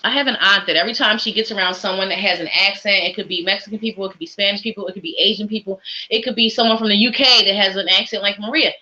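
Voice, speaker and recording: A woman's voice: mid-range voice, racing, pushed and bright, muffled recording, slight background noise. A woman hosting a live psychic reading stream, talking in an upbeat, encouraging, chatty way. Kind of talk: casual live-stream chat.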